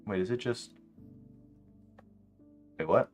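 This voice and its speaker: A young man streaming a game late at night, chatting casually to his viewers and telling animated, slangy stories. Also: lowish voice, takes it slowly, soft background music. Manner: animated storytelling, slangy, laughs often. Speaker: live streamer. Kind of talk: casual livestream chat while gaming.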